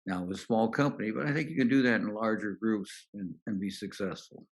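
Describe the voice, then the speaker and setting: Older man, very deep voice, podcast guest, anecdotal storytelling, relaxed, acts out quotes. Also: quick pace. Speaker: podcast guest, business author. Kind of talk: storytelling interview answers.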